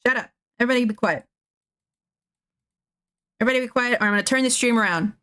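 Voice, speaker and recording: A woman's voice: on the high side, quick pace, bright, forceful tone, clean tone. A woman streaming casually, rambling and laughing often as she draws and chats. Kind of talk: casual chat while drawing.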